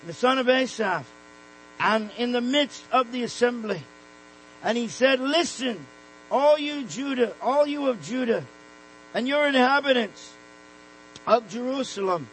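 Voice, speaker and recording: A man preaching a sermon, emphatic, slowing down and dropping soft on key words. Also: sits high, a little hiss or hum, rough recording. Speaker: pastor.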